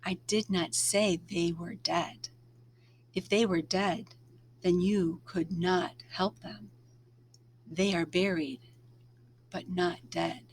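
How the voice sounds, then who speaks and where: A woman reading aloud, voicing a gentle, wise spirit rabbit that speaks slowly and softly in a lowered voice. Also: fairly even intonation, a little hiss or hum. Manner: slow, soft, solemn.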